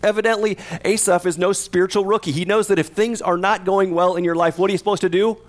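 A male pastor delivers a sermon in a conversational way, with a voice pitched a little high for a man. He keeps turning to his listeners with questions. When he voices the psalmist, his words build in intensity. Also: steady tone, fast talker. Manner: conversational, asks the congregation questions; acts out the psalmist's voice with rising intensity.

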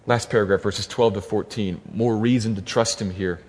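A man's voice: lowish voice, fairly even intonation, moderate pace, slightly rough. A man preaching an expository sermon as pastor, emphatic and repeating key phrases for stress. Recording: long reverb of a large hall.

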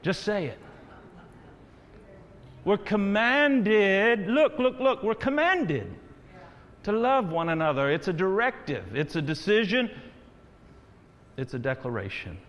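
A man with a high-pitched voice preaches a sermon, urging his congregation and building to loud calls. His voice rings through a large church hall with a long reverberant tail. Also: sing-song, slow pace, pauses often, highs cut off. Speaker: pastor.

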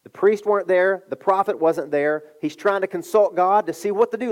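A middle-aged man preaching a sermon, telling a story with animated delivery and acting out the voices. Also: high-pitched, moderate pace, few pauses. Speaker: pastor.

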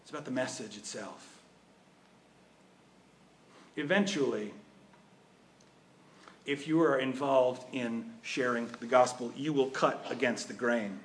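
A man's voice: mid-range voice, unhurried, long pauses, a little hiss or hum. A man preaching a sermon in a conversational way, often asking his listeners rhetorical questions.

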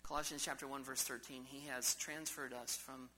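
A man's voice: mid-range voice, level tone, moderate pace, sharp tone, a little hiss or hum, poor audio. A man preaching a sermon in a church service, emphatic and full of rhetorical questions to the congregation. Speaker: pastor.

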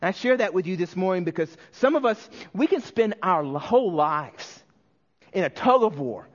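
Male pastor, earnest emotional sermon delivery, raised pitch, dull lo-fi recording. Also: very animated, normal speed. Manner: earnest, emotional storytelling with many restarts and quiet dips.

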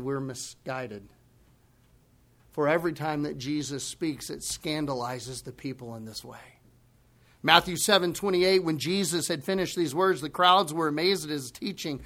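A male pastor delivering a sermon in a notably high voice for a man. His delivery swings between forceful, emphatic declarations and quiet, grave asides. The preaching stays impassioned throughout.

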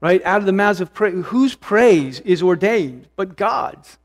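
Earnest preacher in a reverberant hall. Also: male voice, high-pitched, lively intonation, a little slow. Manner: earnest, searching, with restarts and rising emphasis. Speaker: pastor. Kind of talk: expository sermon.

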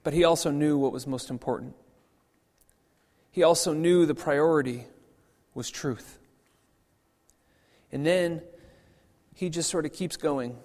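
A male pastor delivers a sermon in an easy, conversational manner, often stumbling and restarting his phrases. His voice sits a little high for a man, and the church around him rings with a long reverb. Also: a little slow, long pauses, a little mellow. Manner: conversational, frequent repeated restarts. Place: church sanctuary.

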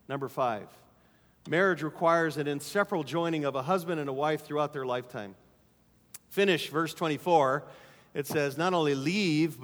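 A middle-aged man pastor preaching a sermon, emphatic, repeating key phrases and dropping to quieter asides. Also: fairly high pitch. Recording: long hall reverb.

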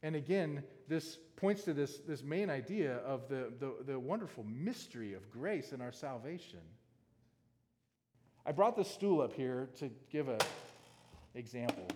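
A man's voice: mid-range voice, big pitch swings, measured pace, darkish tone. A man preaching a sermon from a stage, reading scripture and then talking it over with the congregation in a conversational way, often asking "right?". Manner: conversational, asks the audience questions, often adds "right?". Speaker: pastor. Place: large hall with a stage. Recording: long hall reverb.

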